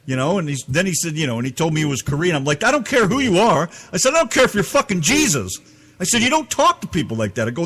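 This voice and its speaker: A man's voice: high voice, very animated, fast talker, a bit bright, husky. A man from the United States telling an angry, profane story as a podcast co-host. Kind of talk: ranting storytelling.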